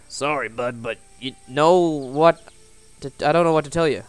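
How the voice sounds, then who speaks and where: A man casually commenting on a story game as he plays, reading its text aloud, swearing and yelling at characters. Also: mid-range voice, normal speed, dry recording, soft background music. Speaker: gaming channel host. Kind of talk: let's play commentary.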